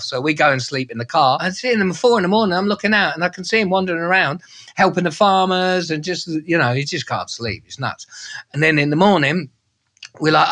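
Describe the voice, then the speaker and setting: A man, a travel presenter telling a story in casual, slangy, animated style. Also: a little high, moderate pace. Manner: animated, slangy, acts out voices and sounds. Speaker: travel presenter and podcast co-host.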